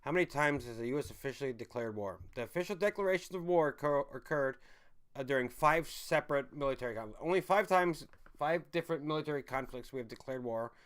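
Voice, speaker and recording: A man in his thirties from the United States, hosting a casual livestream, ranting angrily and swearing, swinging from loud outbursts to low muttering. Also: animated, quick pace. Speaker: livestream host.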